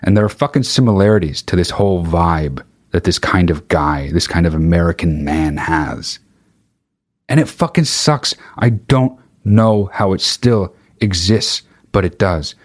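A man's voice: low-pitched, unhurried. A male podcast host in a casual, exasperated rant, swearing constantly.

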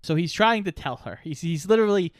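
A man's voice: high voice, expressive, brisk, no room sound, clean studio sound. A man hosting a podcast in casual chat, plainly recapping and explaining. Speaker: podcast host.

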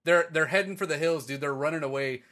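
A man with a bright, forceful voice pitched a little above the usual chats casually with a friend, eager and profane as he recounts a story. He talks in quick, energetic bursts. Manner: excited, profane, retelling a story with acted quotes. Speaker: podcast co-host. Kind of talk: casual chat.

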